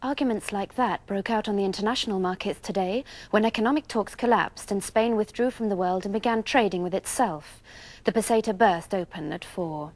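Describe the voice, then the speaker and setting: Straight-faced female business presenter, mid-pitched. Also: fairly quick, darkish tone, no room sound. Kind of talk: deadpan satirical news reading.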